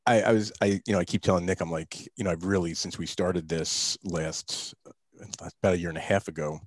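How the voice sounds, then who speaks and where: A man's voice: sits low, steady tone, a little fast. A man hosting a podcast, talking in a rambling, eager way in casual chat. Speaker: podcast host.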